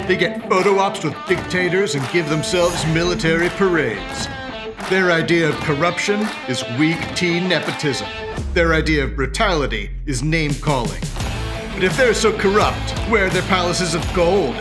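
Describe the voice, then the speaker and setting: A man voicing a mocking male campaign ad announcer with a punchy sales-pitch delivery. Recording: voice over guitar music.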